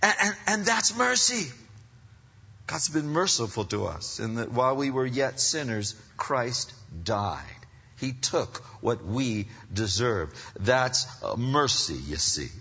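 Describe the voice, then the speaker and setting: A man preaching a sermon as pastor, animated, going from loud emphasis to soft asides. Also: medium pitch, slow pace, creaky, slightly rough. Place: church hall. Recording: dull sound, long hall reverb.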